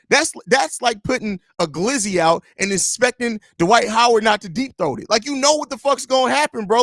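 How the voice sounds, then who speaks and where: Male podcast host, 30s, loose joking storyteller, higher-pitched, recorded close and dry. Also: big pitch swings, fairly quick, few pauses, fairly bright tone, no room sound. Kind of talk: casual live-stream chat.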